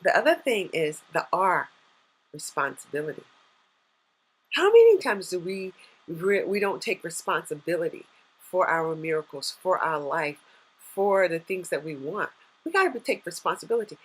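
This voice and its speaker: A woman in her thirties, a life coach giving an earnest, faith-based motivational talk on a live stream, with excited bursts. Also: on the low side, moderate pace, slightly rough, low-quality recording.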